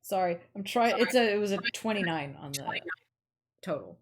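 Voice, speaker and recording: Hesitant woman player, halting speech. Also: medium pitch, lively intonation, slight background noise. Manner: hesitant, halting, full of restarts. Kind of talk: casual tabletop play.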